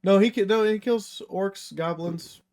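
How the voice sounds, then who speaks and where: A man's voice: high-pitched, unhurried, darkish tone. A man on a casual podcast, talking enthusiastically about a book and swearing casually.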